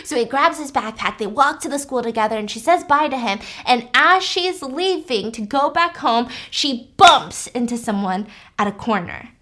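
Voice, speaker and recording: A woman's voice: a little high, animated, normal speed, bright, forceful tone. A young woman casually recapping a plot, chatty and full of fillers.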